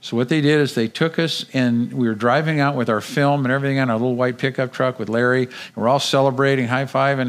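A man speaking as a guest at a church service, telling a dramatic personal story in a lively, vivid way and often repeating words as he goes. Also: mid-range voice, fast, few pauses.

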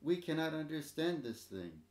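A man's voice: a little high, sing-song, moderate pace, darkish tone, roomy sound, voice pushed up. A man voicing bewildered village elders in a storybook reading, puzzled and respectful.

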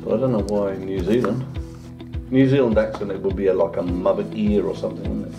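Over background music, this vlogger talks a little fast in a steady, gravelly tone. He's unboxing a drone in a casual home vlog, chatting as he works, and speaks to his dog in a high, singsong voice.

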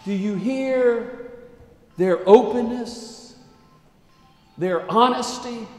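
A male pastor preaching a sermon in a dramatic way, swinging between loud declaiming and hushed asides. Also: extremely high pitch, drawn-out words, soft background music. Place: church sanctuary. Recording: echoey church sanctuary with long reverb.

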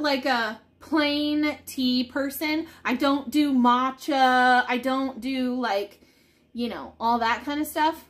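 A woman chatting casually and excitedly while showing off products, bubbly and rambling. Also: high voice. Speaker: product seller.

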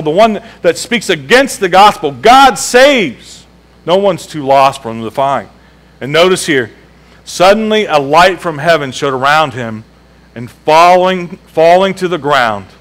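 A man's voice: a little high, expressive, normal speed, a bit bright, low-quality recording. Emphatic male pastor preaching. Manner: emphatic preaching, repeats key phrases, asks the congregation questions. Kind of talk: sermon. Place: church sanctuary.

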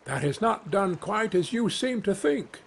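A knowing wolf from a storybook fable, as a man voices him. He sounds careful and slightly superior. He keeps his pitch a little raised. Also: lively intonation, a little slow, gravelly, a little hiss or hum, exaggerated voice. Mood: cautioning. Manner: knowing and cautioning. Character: knowing, cautious male wolf.

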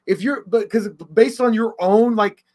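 A young adult man co-hosting a casual movie chat, swearing a lot and acting out loud quotes as he tells stories. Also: high voice, measured pace. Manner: profane, animated storytelling with shouted quotes. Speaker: podcast co-host.

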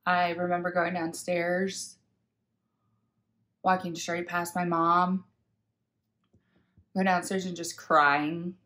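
A young woman speaks in a lowish, slightly bright voice, with a flat delivery, a slow pace and long pauses. In a personal storytelling vlog she candidly and reflectively tells her own story, acting out what she told herself and others.

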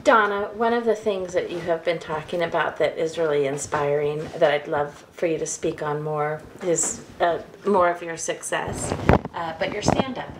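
A woman's voice: sits low, steady tone, normal speed, background noise. A woman interviewer asking encouraging questions and laughing along.

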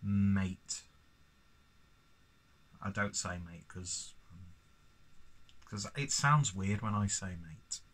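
A man's voice: lowish voice, animated, slow, pauses often, pushed and bright, breathy edge. A man, casually reviewing a beer in a rambling, sweary vlog full of self-mocking asides.

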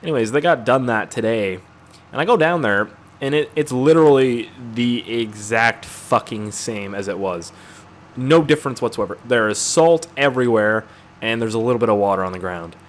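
A young adult man giving casual, jokey gameplay commentary, rambling and swearing with excitable outbursts. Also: mid-range voice, normal speed, a little hiss or hum. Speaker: gaming YouTuber. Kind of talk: casual let's-play commentary.

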